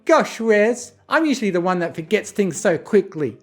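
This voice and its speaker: A narrator voicing a bubbly, hyper young female pony who talks excitedly. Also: mid-range voice, moderate pace, soft background music, voice pushed up. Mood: teasing. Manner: excited, bouncy and giggly.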